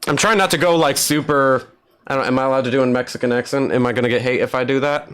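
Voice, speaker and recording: A man's voice: mid-range voice, quick pace, crowd noise. A man narrating as game master, casual and often laughing.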